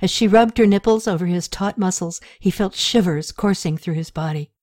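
A woman narrating a story aloud in a steady, even manner, her voice set slightly low. The delivery is measured and consistent from line to line. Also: no echo, clean studio sound. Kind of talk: audiobook narration.

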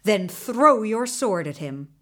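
A woman voicing a calm, commanding magical male horse in a storybook reading, giving steady instructions. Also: mid-range voice, slow pace, exaggerated voice. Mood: calm guiding.

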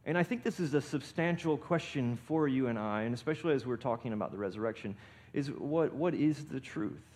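A man preaching a sermon, building to loud emphatic peaks and often restarting his words. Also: expressive, a little fast. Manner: emphatic preaching with swells in volume and pitch; frequent restarts and repeated words. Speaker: pastor.

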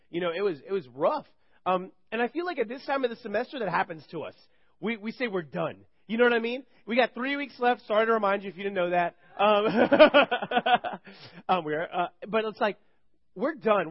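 A man's voice: high voice, dull audio. A man giving a casual, rambling sermon to college students at a live campus gathering, chatty and full of joking asides. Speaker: campus ministry preacher.

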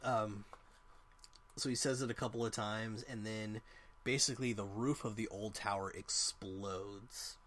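A man's voice: fairly low pitch, steady tone, unhurried, a bit bright, slight background noise. A man narrating as game master in a tabletop game, casual and rambling with lots of fillers.

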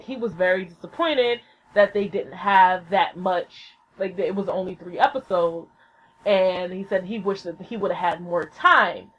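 A woman hosting a solo podcast, ranting casually with lots of swearing and bursts of squealing excitement, recorded at home on a laptop. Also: mid-range voice, husky, muffled recording. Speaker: podcast host. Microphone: laptop mic.

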